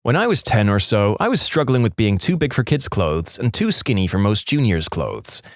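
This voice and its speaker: A man reading internet stories aloud in an expressive, playful storytelling manner. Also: on the low side, normal speed, no echo, studio quality. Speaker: story narrator.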